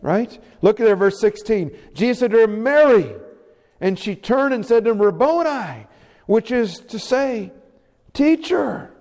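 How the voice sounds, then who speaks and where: A man preaching a sermon, reading scripture aloud with dramatic, expressive emphasis. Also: high-pitched, moderate pace, few pauses. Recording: long hall reverb.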